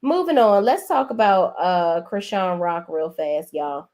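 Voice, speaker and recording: A woman's voice: on the low side, animated, measured pace, darkish tone. A woman hosting a casual gossip commentary show, talking in a sassy, blunt, exclaiming way. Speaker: host.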